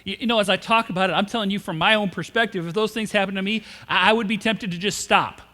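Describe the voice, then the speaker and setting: A male pastor with a very high, bright voice preaches a humorous storytelling sermon and asks his congregation questions. His voice rings out with a long reverb through the church sanctuary. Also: steady tone, quick pace. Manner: humorous storytelling, acts out quoted characters.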